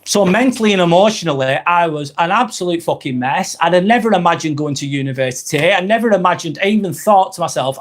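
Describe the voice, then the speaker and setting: A man with a fairly high-pitched voice talks bluntly on a live stream, swearing freely as he rambles. He sounds confessional and reads viewer comments aloud between his own stories. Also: lively intonation, fast. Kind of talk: candid live-stream chat.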